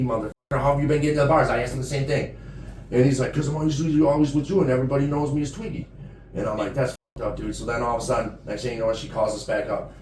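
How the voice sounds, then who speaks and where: Rambling profane man, roomy and distant. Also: mid-range voice. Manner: profane, rambling, says "dude" constantly. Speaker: podcast co-host telling a story. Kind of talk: casual storytelling among friends. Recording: roomy echo, far from mic, faint background noise.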